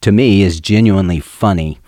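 A man's voice: sits low, a little fast, dark tone, dry recording, studio quality. A man hosting an interview, affirming his guest and asking long, detailed questions. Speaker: interview host. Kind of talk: conversational interview.

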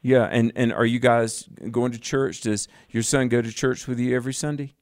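A man's voice: medium pitch, fairly even intonation, moderate pace, no room sound. Firm radio co-host man. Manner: firm, fatherly, preacherly emphasis. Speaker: radio Bible show co-host. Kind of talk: call-in radio advice.

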